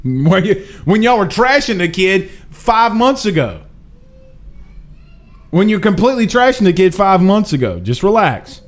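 A man hosting a live sports talk show, reading viewer comments in an emphatic, animated, slangy way. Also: sits high, a little slow. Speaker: host.

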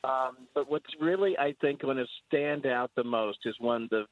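A man's voice: mid-range voice, normal speed. A man working as a White House correspondent, talking wryly and conversationally as a guest on a radio show. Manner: wry, conversational and sardonic. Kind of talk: call-in radio interview. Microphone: phone. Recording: tinny phone line.

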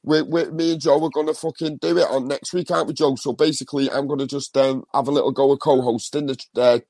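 A man's voice: mid-range voice, steady tone, fast, a little mellow, dry recording. A man with a Liverpool accent co-hosting a live stream, rambling, talking a lot and swearing. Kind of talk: casual live stream chat.

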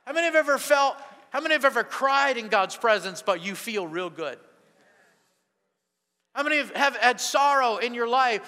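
Fervent high-voiced pastor in a reverberant hall. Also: male voice, sharp tone. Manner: fervent, calls to the congregation. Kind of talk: sermon. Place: church sanctuary. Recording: long church-hall reverb.

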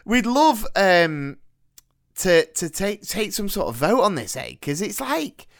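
A man co-hosting a podcast in casual chat, playful and quick to laugh, often restarting his words. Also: high-pitched, very animated, gravelly, fairly bright tone. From northern England. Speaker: podcast co-host.

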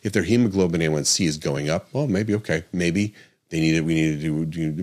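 A middle-aged man with an extremely deep, low voice, hosting a podcast monologue as a doctor. He speaks earnestly and with emphasis, circling back to repeat key points and stopping to correct himself mid-thought. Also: a little fast, darkish tone.

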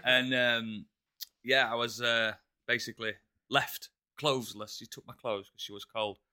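A man's voice: mid-range voice, level tone, normal speed, bright, forceful tone, clean tone. Blunt, jokey man. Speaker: podcast co-host. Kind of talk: casual banter.

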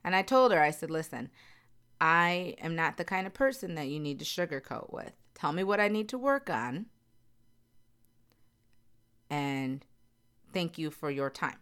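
A woman's voice: sits low, lively intonation, a little slow, pauses often, a bit bright, clear, resonant tone. A middle-aged woman speaking candidly and earnestly to her viewers, repeating phrases for emphasis. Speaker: vlogger. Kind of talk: candid personal talk to viewers.

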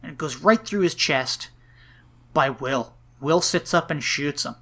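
Podcast co-host, mid-pitch, bright and forward, rambling profane plot recap. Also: animated, measured pace. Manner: rambling, profane retelling with frequent laughs. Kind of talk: casual movie recap.

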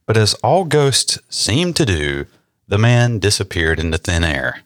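A man's voice: on the low side, big pitch swings, unhurried, a bit bright, no echo, clean studio sound. A young man co-hosting a podcast, reading history facts and joking about them. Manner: joking, reads facts then riffs. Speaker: podcast co-host. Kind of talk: casual chat and read history.

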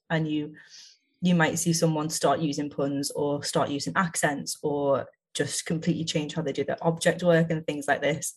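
A woman's voice: low-pitched, steady tone, normal speed, husky. A woman improv performer being interviewed, chatting eagerly and laughing often. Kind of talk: casual chat.

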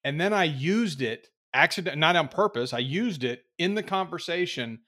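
Male podcast co-host, light higher voice, easygoing storyteller. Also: animated, moderate pace, bright, forceful tone. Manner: anecdotal, easygoing. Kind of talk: casual chat.

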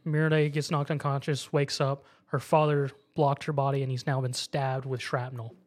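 In a mid-range voice at normal speed, a man gives a relaxed recap of an anime episode. He narrates with energy and performs the characters' lines himself.

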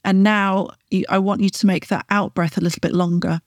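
A woman's voice: medium pitch, little pitch movement, a little fast, no room sound. Encouraging woman coach, dry close sound. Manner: encouraging, often checks in with "right?". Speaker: podcast host and wellbeing coach. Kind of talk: coaching talk with guided breathing.

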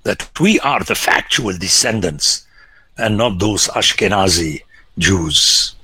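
A man, a priest, giving an emphatic biblical lecture, swinging between loud exclamations and hushed whispers. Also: low voice, expressive, breathy edge. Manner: slow, deliberate, rhetorical.

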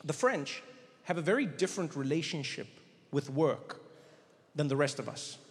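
A man doing stand-up comedy on a theater stage, telling a story with animated delivery and acting out characters. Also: fairly high pitch, moderate pace. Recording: live hall reverb, faint ambience.

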